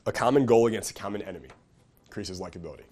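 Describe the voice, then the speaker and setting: A man's voice: fairly low pitch, very fast, a little mellow. A man lecturing at a live seminar as a coach, casual and full of swearing, who keeps checking in with his listeners. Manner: profane, casual, keeps checking in with "okay?" and "right?".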